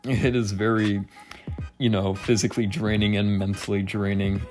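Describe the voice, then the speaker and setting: A young man rambles through stories in a loose vlog, swearing freely and laughing as he goes, a bit slurred from not being sober. His voice sits fairly low. Faint music plays underneath. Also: level tone, normal speed, a little mellow. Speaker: vlogger. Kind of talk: casual storytelling rant.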